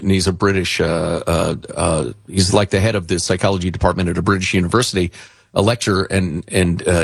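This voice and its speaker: Male talk radio host, husky and animated, dry studio mic, chatty and rambling. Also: low voice, dry recording. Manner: rambling, chatty, many fillers and restarts. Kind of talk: casual talk radio chat.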